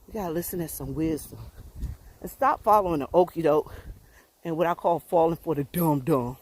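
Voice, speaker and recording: A woman's voice: low voice, moderate pace, a little mellow. A woman talking casually to viewers on a phone while walking outdoors, a bit out of breath and folksy and preachy in manner. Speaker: vlogger. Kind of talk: casual livestream walking talk. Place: outdoors on a rural road.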